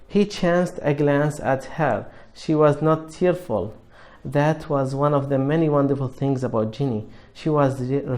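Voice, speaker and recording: A man reading a novel aloud in a measured narration with small restarts. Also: fairly high pitch, darkish tone. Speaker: reader.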